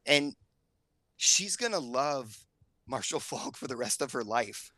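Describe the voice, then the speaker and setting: A man's voice: slow, dry recording. A middle-aged man co-hosting a casual podcast chat, telling a long story and lifting his voice when he acts out what others said. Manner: animated storyteller, acts out quotes with raised pitch. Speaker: podcast co-host.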